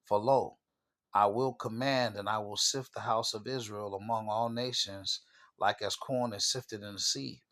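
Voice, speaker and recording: Male channel preacher, low voice, emphatic, casual sermon with scripture readings. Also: steady tone, unhurried, a bit bright. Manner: punctuates with "all right" and "okay", emphatic, restarts.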